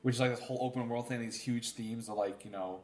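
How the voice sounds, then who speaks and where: A man's voice: mid-range voice, fairly even intonation, fast talker. A man co-hosting a casual podcast chat, thoughtful with many filler words. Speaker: podcast co-host.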